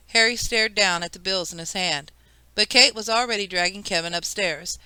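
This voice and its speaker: A woman narrating a children's audiobook in a lively storytelling manner. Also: medium pitch, moderate pace, clear, resonant tone, no echo, rough recording.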